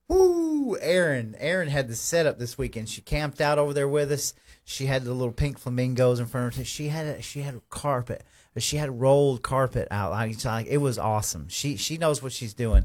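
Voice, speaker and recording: A man hosting a live stream, giving folksy, rambling shout-outs to viewers. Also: mid-range voice, brisk. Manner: effusive, folksy, rambling with restarts.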